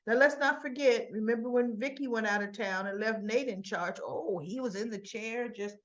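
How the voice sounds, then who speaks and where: A woman's voice: on the high side, normal speed, hardly any pauses, dull audio. A woman giving a casual spoken recap of a soap opera episode, quoting the characters and throwing in chatty asides.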